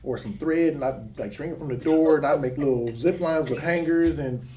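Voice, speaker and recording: A man's voice: on the high side, moderate pace, warm tone, distant mic, highs cut off. A man from Cleveland, co-host, telling his life story in an earnest, reflective way with many hesitations. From Cleveland, Ohio. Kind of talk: personal life story in conversation.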